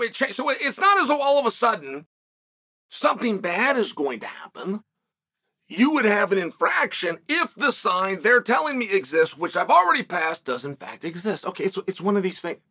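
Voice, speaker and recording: A middle-aged man hosting his own show, telling a story in a casual studio monologue and acting out the shouting he heard. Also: high voice, slightly rough. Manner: animated, acts out shouted quotes. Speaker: show host.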